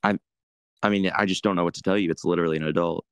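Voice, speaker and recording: A man moderating a voice call, calm and incredulous, pressing for answers. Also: sits low, rapid-fire, clear, resonant tone, dry recording.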